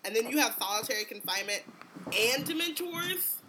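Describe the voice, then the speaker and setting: A woman's voice: a little high, a little fast, background noise. A woman co-hosting a book podcast, chatting in a loose, slangy, jokey way. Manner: animated, slangy, jokey asides. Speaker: podcast co-host. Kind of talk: casual chat.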